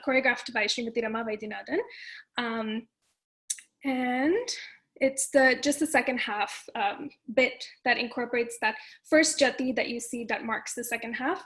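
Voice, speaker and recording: A woman's voice: fairly high pitch, a bit bright, low-quality recording. A woman on a dance panel, explaining a piece step by step in a thoughtful way with many fillers. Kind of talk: casual panel discussion.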